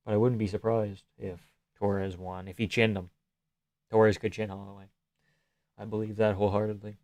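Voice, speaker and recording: A man with a lowish, slightly mellow voice and flat delivery reads out viewer messages on his live stream at a moderate pace. He replies loosely and jokingly, sometimes nearly whispering, in laid-back stream chat.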